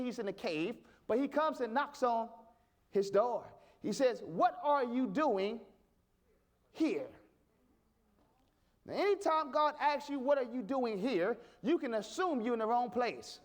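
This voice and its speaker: A man pastor a sermon, emphatic, repeating his questions for effect. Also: very high voice.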